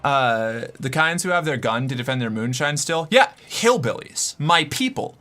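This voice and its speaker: A man streams from home and chats with his viewers in an easy, rambling way. His voice is bright and forward, sitting at an ordinary middle pitch. He jokes freely and swears without a second thought. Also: very animated, normal speed, soft background music. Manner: loose and joking, swears, laughs often. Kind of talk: casual live-stream commentary.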